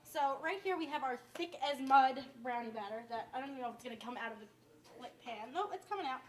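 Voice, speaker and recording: A woman's voice: high-pitched, lively intonation, fast. Chatty young woman with New York accent. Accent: downstate New York. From Westchester, New York. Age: young adult. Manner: chatty, rambling, says "like" often. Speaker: cooking show host. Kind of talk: casual cooking demonstration.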